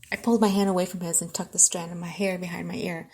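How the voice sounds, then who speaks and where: Expressive woman narrating a romance. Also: lowish voice, normal speed. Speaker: audiobook narrator. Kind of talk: first-person romance narration.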